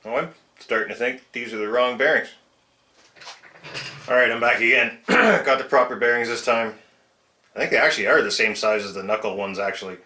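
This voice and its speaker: Guy tinkering on an rc truck in his shed, bright voice, roomy echo, laughs at himself. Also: medium pitch, brisk, long pauses. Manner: chatty, self-mocking, chuckles while working. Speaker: RC truck hobbyist channel host. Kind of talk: casual workshop how-to vlog. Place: home shed workshop.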